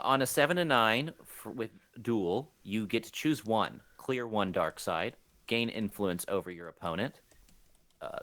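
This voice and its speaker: A young man running a tabletop game as game master, lively and laughing often with geeky enthusiasm. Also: on the low side, no room sound.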